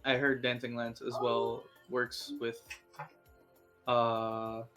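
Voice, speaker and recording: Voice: mid-range voice, little pitch movement, slow pace, music in the background. A playful player chatting at a tabletop game, often laughing while talking. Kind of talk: casual tabletop game chat.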